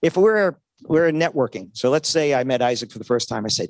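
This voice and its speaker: Brisk and expressive, a mid-range male voice leads a motivational sales talk at a trade show. He chats with the audience, acts out short dialogues, and frequently checks in with "right?" The recording is dry.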